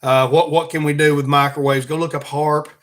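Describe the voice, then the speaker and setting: This Alabama man's voice sits on the high side, with a flat delivery and a brisk pace. Hosting his podcast, he rambles in a folksy way, cracking jokes and pushing his merch.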